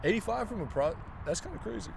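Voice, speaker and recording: A young man co-hosting a casual podcast chat, joking and trading quick banter. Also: sits high, animated, creaky, darkish tone, slight background noise. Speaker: podcast co-host.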